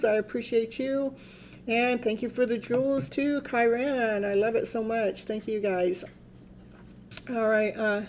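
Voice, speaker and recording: A woman's voice: a little high, a little mellow, slight background noise. Chatty woman, rambling tarot reader. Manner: rambling, chatty, laughs often. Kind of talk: casual live-stream chat.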